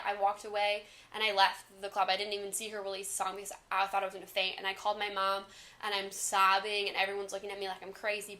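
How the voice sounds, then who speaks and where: A woman in her twenties telling a storytime vlog, talking fast in an excited, gushing way. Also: medium pitch. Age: 20s. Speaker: vlogger.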